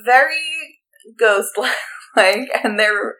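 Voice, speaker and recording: A woman's voice: a little high, very slow, pushed and bright, poor audio. A woman co-hosting a podcast, chatting about a book in a rambling way with many fillers. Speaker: podcast co-host. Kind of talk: casual book-club chat.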